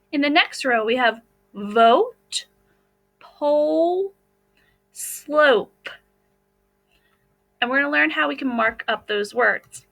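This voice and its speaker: American teacher lady, slightly high voice, walks kids thru phonics real patient. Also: bright, forceful tone, poor audio. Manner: slow, patient, step-by-step explaining. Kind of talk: phonics lesson over slides.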